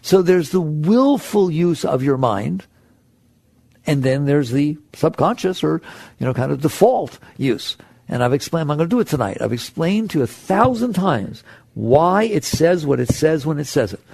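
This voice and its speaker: A man giving a spiritual talk, his voice fairly high and swinging widely in pitch. It has a husky, gravelly edge, and the sound is dry and close. He speaks conversationally and slips into acted-out inner voices. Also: lively intonation, a little slow, darkish tone, no room sound. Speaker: spiritual teacher.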